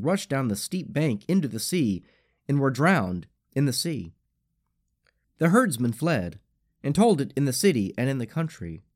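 A man reading scripture and prayers aloud in a measured, expressive way. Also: medium pitch. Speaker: scripture reader.

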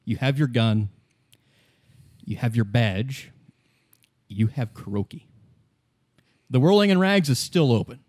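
A man narrating a tabletop role-playing game as game master, in a relaxed, descriptive way. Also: medium pitch, measured pace, pauses often, dry recording. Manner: relaxed, descriptive, occasional restarts.

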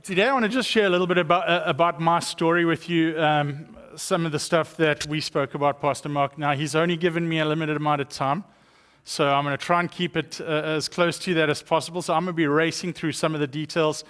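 A man's voice: on the high side, fairly even intonation, fairly quick, a bit bright. A South African man in his thirties or forties, a guest speaker giving a chatty, joking testimony sermon with many fillers. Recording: long church hall reverb.

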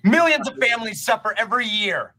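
An actor playing an uptight, earnest office worker who lectures stiffly, heard as a distant clip played from a show. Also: male voice, high voice, expressive, brisk, bright, forceful tone. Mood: lecturing.

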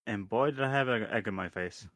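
A man with a low voice chats on a podcast. He gropes for words and restarts often. His voice sounds dry and close, with no room around it. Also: a bit bright, dry recording. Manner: halting, many restarts and "like" fillers. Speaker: podcast co-host. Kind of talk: casual podcast chat.

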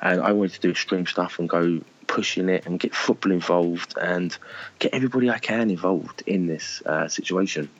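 A man's voice: deep voice, moderate pace, highs cut off. A middle-aged man talking candidly and emotionally in an interview, blunt, swearing and calling people mate. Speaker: charity fundraiser guest.

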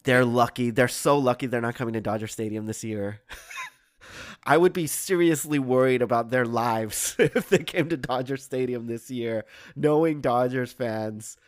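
A man talking in a casual sports chat, animated and sarcastic, mocking what he argues against. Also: medium pitch, moderate pace, no echo, clean studio sound.

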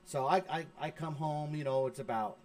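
A man's voice: on the high side, normal speed, a little mellow, a little hiss or hum. A man in his forties telling a long profane story in casual chat, acting out his own lines as he goes. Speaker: podcast co-host. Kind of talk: casual storytelling among friends. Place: studio with friends smoking on air.

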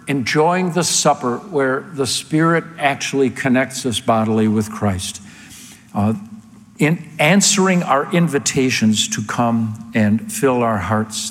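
A man's voice: medium pitch, in a large hall. A man preaching a sermon as pastor, emphatic and firing off rhetorical questions, getting worked up at times.

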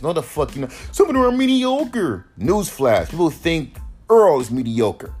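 A man on his own podcast, ranting hard and swearing constantly as he presses each point. His pitch jumps all over the place as he talks, rising and dropping with every jab. Faint music plays underneath him. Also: sing-song, a little fast, darkish tone, slightly rough. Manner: heated, profane, emphatic. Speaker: rapper and podcast host. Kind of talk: solo podcast rant.

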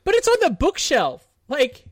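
A woman's voice: sits high, huge pitch swings, normal speed, dry recording. A woman co-hosting a podcast, adding dry, sarcastic quips in casual chat. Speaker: podcast co-host.

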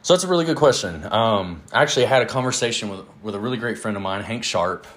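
A man's voice: on the low side, expressive, fairly bright tone. A man teaching the Bible in a casual, earnest way, with many fillers. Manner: earnest, measured, with fillers and little laughs. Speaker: podcast host, Bible teacher.

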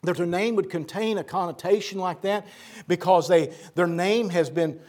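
Older male pastor preaching, high voice. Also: moderate pace, darkish tone. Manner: earnest preaching, repeats words, lists names with rising emphasis. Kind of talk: sermon. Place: church sanctuary.

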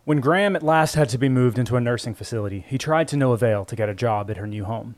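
A man narrating a story in a measured, even storytelling voice. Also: mid-range voice, no room sound. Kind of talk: scripted audiobook narration. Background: faint music score.

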